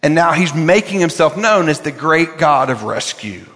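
An older man preaches from the pulpit, his voice sitting a little high for a man. He leans hard on key words and repeats them for effect. Long reverb from the sanctuary trails each phrase. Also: lively intonation, normal speed, a bit bright. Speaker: pastor. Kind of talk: sermon.

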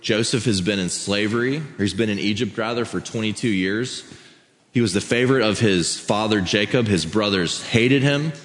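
A man reading scripture aloud and preaching a sermon as a pastor, in a steady, measured way. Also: on the low side, slight background noise. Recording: long reverb of a hall.

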